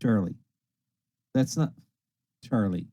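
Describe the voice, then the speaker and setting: A man's voice: lowish voice, slow, no room sound. A tired man hosting a late-night internet radio stream, chatting loosely and swearing as he rambles between songs. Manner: lively, rambling, swears casually.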